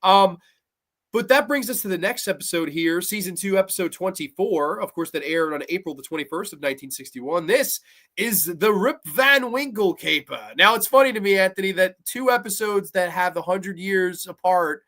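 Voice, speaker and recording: Male host, high bright voice, enthusiastic casual reviewer. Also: expressive, moderate pace. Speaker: podcast host.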